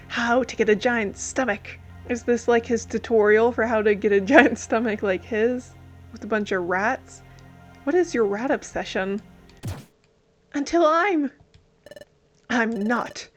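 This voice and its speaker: Woman game commentator, playful, jokey, deadpan reading, fairly high voice. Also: a little slow, soft background music. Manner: playful, joking, reads garbled lines deadpan. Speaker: let's play host. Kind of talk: game commentary, reading translated text aloud.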